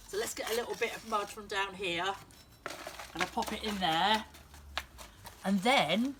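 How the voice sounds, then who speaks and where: A woman leading a lively outdoor nature lesson for young children in a small back garden, speaking straight to them in a sing-song way. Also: mid-range voice, slight background noise. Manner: animated, sing-song, talks directly to kids.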